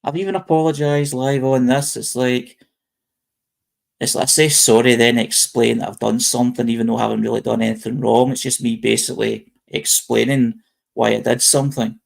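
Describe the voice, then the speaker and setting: A man's voice: medium pitch, flat delivery, moderate pace, gravelly. A British man hosting a casual live-stream chat, reading posts aloud and rambling with restarts. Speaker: host.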